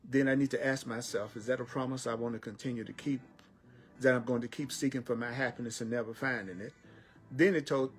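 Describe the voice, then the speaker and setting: A man teaching spiritual lessons in an emphatic style, repeating phrases and slowing down on key words. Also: mid-range voice, a little mellow. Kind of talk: repetitive inspirational teaching.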